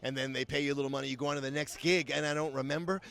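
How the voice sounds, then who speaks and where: An older man, a voice actor guest, telling lively stories at a convention interview and acting out the voices of people he quotes. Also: medium pitch, rapid-fire, vocal fry. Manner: animated, acts out quoted voices. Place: convention floor.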